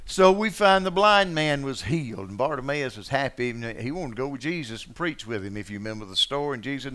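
A man preaching a sermon in a folksy, conversational way, asking his listeners questions and swinging from quiet asides to loud, passionate moments. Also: medium pitch, lively intonation, fast talker, few pauses. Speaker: pastor.

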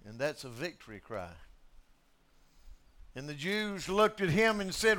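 A man preaching a sermon, swinging between loud declarations and hushed asides, and repeating key phrases for emphasis. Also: on the high side, sing-song, a little slow, long pauses.

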